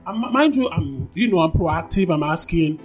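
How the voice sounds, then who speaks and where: Speaking at a normal speed, a woman on a podcast candidly tells her personal story with lively emphasis, often repeating phrases. When she acts out things she once said, her voice rises sharply. Faint music plays softly beneath her.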